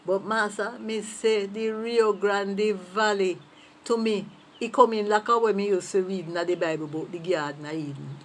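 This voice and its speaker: Lively Jamaican woman telling stories. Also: medium pitch, normal speed. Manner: lively, chatty, playful asides. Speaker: patois teacher. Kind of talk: casual storytelling in Jamaican patois.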